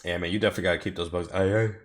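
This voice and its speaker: Rapid-fire and low-sitting, his steady, slightly bright voice carries a home live stream of racing time trials. He rambles while driving, swears a lot and keeps talking back to chat.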